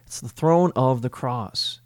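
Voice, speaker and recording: A man giving a homily as a priest, speaking in a measured, emphatic way with deliberate pauses. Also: medium pitch, no echo, clean studio sound.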